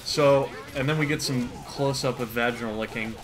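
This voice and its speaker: A man's voice: medium pitch, fairly even intonation, moderate pace. A man from the United States giving a sarcastic, profane, rambling comedic reading. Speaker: comedy commentator.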